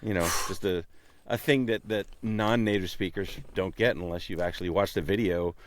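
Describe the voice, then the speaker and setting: A man's voice: low voice, steady tone, normal speed, no room sound. A man co-hosting a casual interview show, rambling and repeating himself as he talks. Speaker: co-host.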